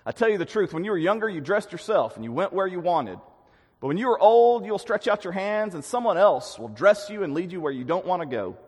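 A man preaching a sermon, earnest and dynamic, with emphatic swells and quiet drops. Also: sits high, big pitch swings, brisk, husky. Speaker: pastor. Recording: long hall reverb.

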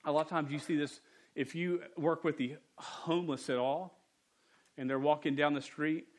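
A man, a pastor preaching a sermon in a church and telling stories in a relaxed, humorous way. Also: on the high side, moderate pace. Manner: conversational, humorous storytelling. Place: church sanctuary.

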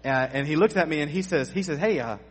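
A middle-aged male pastor preaches in a church sanctuary, telling stories conversationally with asides to the congregation. His voice is a little high, quick, and breathy-edged, with long hall reverb on the recording.

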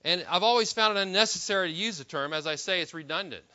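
Bright-voiced emphatic male preacher, lo-fi. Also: sits high, fast. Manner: emphatic, with frequent restarts and rhetorical questions. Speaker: pastor. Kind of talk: sermon.

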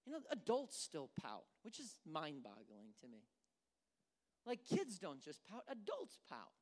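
A preacher giving an animated, conversational sermon who acts out the characters. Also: mid-range voice, measured pace.

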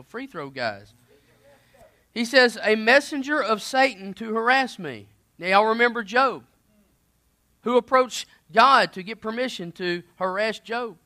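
A man preaching a sermon in a conversational style, moving between loud emphatic bursts and quiet asides. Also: high-pitched.

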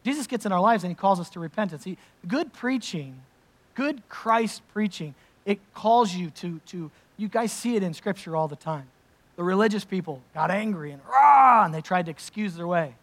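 A man's voice: sits high, expressive, normal speed. A man preaching a sermon, reading scripture and then explaining it in an emphatic, conversational way with casual asides. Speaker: pastor.

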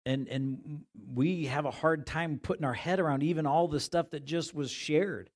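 Animated, conversational male preacher. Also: fairly high pitch, moderate pace. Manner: conversational, animated when paraphrasing, with restarts. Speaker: pastor. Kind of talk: sermon.

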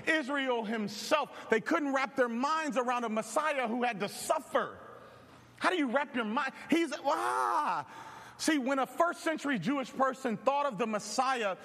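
A man with a very high voice preaches animatedly, shouting out now and then. His voice rings out with a long reverb, as in a large church hall. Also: expressive, unhurried. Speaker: pastor. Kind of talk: sermon.

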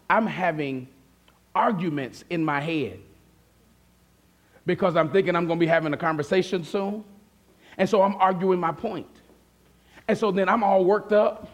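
High-voiced guy pastor preaching, chatty, keeps asking the church if they're with him. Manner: conversational, asks the congregation questions; acts out listeners' replies in a softer voice. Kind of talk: sermon.

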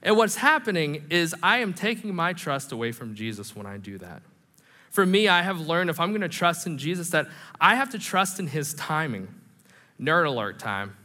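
A man preaching a sermon in a church, animated and conversational, with self-deprecating humor. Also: on the high side. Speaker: pastor. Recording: reverberant hall.

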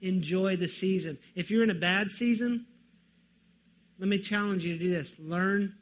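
A man preaching a sermon as pastor, moving from loud pleading questions to quiet, earnest emphasis. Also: high voice, moderate pace, a little hiss or hum.

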